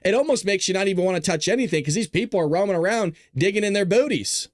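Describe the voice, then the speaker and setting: A man's voice: high voice, lively intonation, quick pace, dry recording, clean studio sound. A middle-aged man hosting a political talk show, talking casually with sarcastic, jokey asides.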